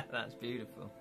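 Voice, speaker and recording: A man's voice: mid-range voice, pushed and bright. A man from England hosting a livestream, chatting casually and rambling while reading out viewer comments, laughing often. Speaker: livestream host.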